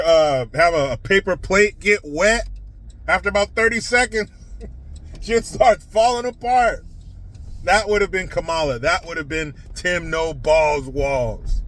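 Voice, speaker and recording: A man's voice: high-pitched, a bit bright. A man giving a scornful, mocking political rant while sitting in a car. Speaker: political commentator. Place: inside a car.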